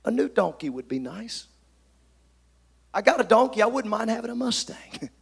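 Torn, wistful man of old, low soft musing, gravelly high voice, a preacher putting him on. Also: big pitch swings, moderate pace, full character voice.

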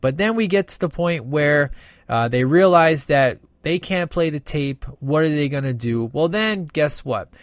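A man with a slightly high voice walks through a movie's story in a loose, chatty way. He keeps slipping into the characters' lines and stumbles over fillers. The sound is dry and close. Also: measured pace, dry recording. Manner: animated retelling, acts out quoted dialogue, many fillers. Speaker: movie reviewer. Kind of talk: casual film recap.

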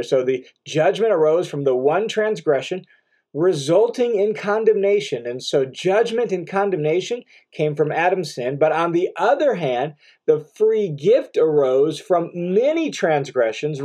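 A man's voice: on the high side, animated, unhurried, a little mellow. A man giving a verse-by-verse Bible commentary, reading verses aloud and explaining them in a conversational teaching manner. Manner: occasional fillers and restarts, conversational teaching.

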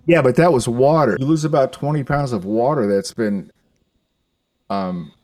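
An older man telling a story in casual chat, halting and rambling, with some swearing. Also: medium pitch, darkish tone, no echo.

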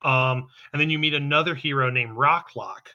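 A man's voice: mid-range voice, moderate pace, sharp tone, highs cut off. A man co-hosting a casual podcast, recapping episodes in a rambling, profane way with many restarts. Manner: rambling, profane, quotes characters in passing. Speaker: podcast co-host recapping an anime. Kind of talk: casual chat.

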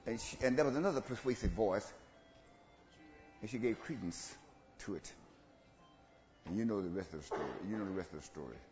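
A man preaching an animated sermon, swinging between hushed asides and loud calls to the congregation. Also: brisk, long pauses, faint music behind. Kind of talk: call-and-response sermon. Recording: roomy, dull low-fi church recording with faint ambience.

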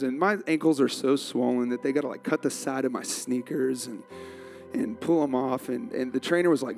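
A man's voice: mid-range voice, normal speed, darkish tone, faint music behind. A male pastor preaching a sermon, telling a self-mocking story with frequent laughter.

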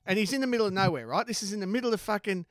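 A man's voice: high voice, lively intonation, very fast, no echo. A man telling a story in casual banter, swearing freely.

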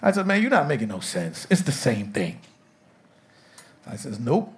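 A pastor with a mid-range voice and wildly swooping pitch delivers a humorous sermon at a moderate pace in a church sanctuary. He tells jokes and draws call-and-response answers from his congregation.

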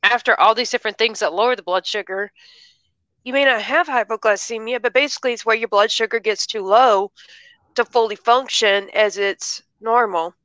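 A woman's voice: on the high side, moderate pace, a bit bright, dry recording, rough recording. A woman hosting a casual chat, talking in a chatty, rambling way with many restarts. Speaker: host.

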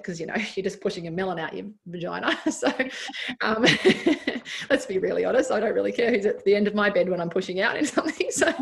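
A woman's voice: fairly low pitch, vocal fry. An Australian woman in her thirties, a doctor and former athlete, talking candidly as a podcast guest with frequent laughs and restarts. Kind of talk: casual interview chat.

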